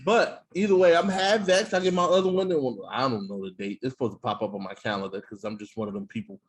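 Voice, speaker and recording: A man's voice: mid-range voice, fairly even intonation, quick pace, breathy edge. A man co-hosting a podcast in loose, joking, profane banter. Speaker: podcast co-host. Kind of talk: casual chat.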